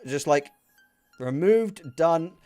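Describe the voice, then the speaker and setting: A man's voice: a little high, animated, takes it slowly, a little mellow, soft background music. A young man, a gaming streamer, angrily ranting and swearing as he chats while he plays, often repeating himself. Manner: angry, profane, repeats himself.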